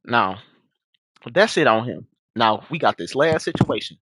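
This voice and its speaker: A man's voice: measured pace, husky, no echo. A young man telling a story in a casual, slangy way, acting out the quoted lines in a raised voice. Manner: animated, slangy, acts out quotes in a high voice.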